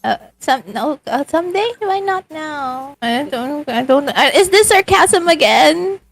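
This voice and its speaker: A woman's voice: high-pitched, expressive, a little slow, creaky, faint music behind. A woman playing a tabletop game, talking playfully and giggling between lines. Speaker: player.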